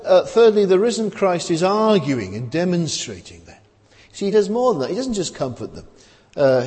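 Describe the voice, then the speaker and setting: A man preaching a sermon in a conversational way, asking rhetorical questions and often pausing with hesitations. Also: on the high side, darkish tone. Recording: long hall reverb.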